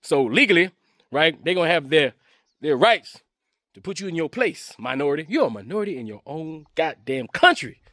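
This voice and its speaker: A man's voice: a little high, big pitch swings, moderate pace, fairly bright tone, no echo, clean studio sound. A man giving a taunting, mocking political commentary rant to camera, repeating his jabs over and over. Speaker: online commentator.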